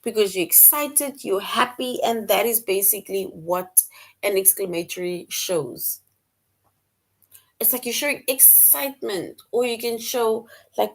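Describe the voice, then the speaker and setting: A woman's voice: on the high side, measured pace. A woman teaching a middle-school grammar lesson, repeating key points and explaining with examples.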